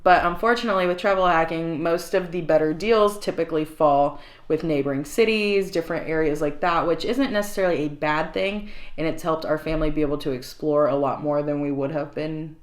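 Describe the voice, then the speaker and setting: Low-voiced chatty woman in echoey room. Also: fairly quick. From United States. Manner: chatty, laughs often, self-deprecating. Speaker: vlogger. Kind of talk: casual couple chat to camera. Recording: echoey room with faint background hiss.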